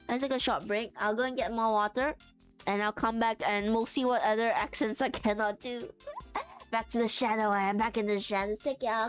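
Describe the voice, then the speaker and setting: A woman's voice: on the high side, clean tone. A woman streamer chatting casually and giggling often, with lots of fillers, while sewing on a livestream.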